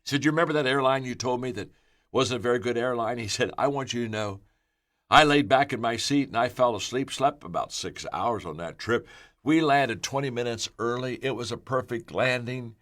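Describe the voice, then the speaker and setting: An older man giving a motivational leadership talk, energetic and emphatic, telling stories and often repeating words as he gets going. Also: medium pitch, fairly quick. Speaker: leadership speaker.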